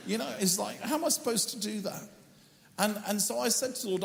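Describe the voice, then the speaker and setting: A man's voice: high voice, normal speed, gravelly, roomy sound, big-room sound. A man preaching a sermon as a pastor, telling a story earnestly and acting out the lines he once spoke. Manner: earnest storytelling, acts out his own quoted words.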